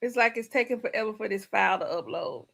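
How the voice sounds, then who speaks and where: A woman's voice: mid-range voice, expressive, fast talker, vocal fry, a bit bright. A woman hosting a casual live stream, playful and chatty, greeting her viewers by name.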